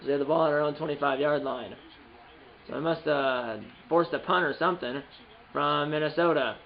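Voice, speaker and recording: Man, high voice, rambling play-by-play of his own game, self-correcting, sudden excited calls, dull lo-fi sound. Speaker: gaming channel host. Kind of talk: play-by-play commentary while playing.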